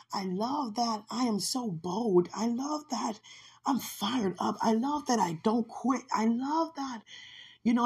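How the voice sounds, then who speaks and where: A woman's voice: a little high, darkish tone, husky. A woman hosting a podcast, talking about her faith in a fervent, emotional way and laughing often. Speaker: podcast host. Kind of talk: devotional personal talk.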